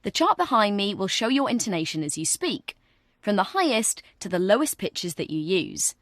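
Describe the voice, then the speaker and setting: A woman's voice: mid-range voice, sing-song, moderate pace, a bit bright, no echo, clean studio sound. A woman guiding the listener through a communication training exercise in scripted, encouraging narration, coaching them step by step. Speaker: virtual training guide.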